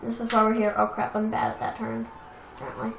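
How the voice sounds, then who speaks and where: A young woman casually commenting on a racing game she plays, chatty and self-deprecating, with excitable outbursts. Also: on the high side, quick pace, vocal fry. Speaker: let's play gamer. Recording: echoey room with game music.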